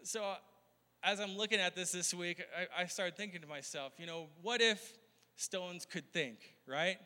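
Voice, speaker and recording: A man's voice: high voice, moderate pace, sharp tone. A male pastor preaching a conversational sermon, often laughing and asking the crowd questions. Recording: long hall reverb.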